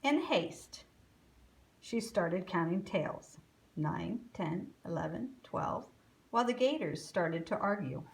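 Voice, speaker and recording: Slow, expressive woman reading a storybook. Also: lowish voice, creaky, rough recording.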